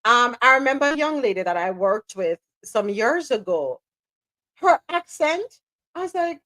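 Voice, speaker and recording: A woman's voice: high voice, sing-song, normal speed, fairly bright tone, no echo. A woman hosting a live talk show, chatty and teasing, often laughing as she talks. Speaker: show host. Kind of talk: lively live-show banter.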